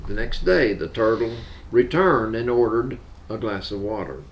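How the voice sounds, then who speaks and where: A man's voice: fairly low pitch, lively intonation, normal speed, lo-fi sound. An older man with a Southern US accent, a talk show co-host telling jokes and laughing at his own punchlines. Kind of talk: casual joke telling.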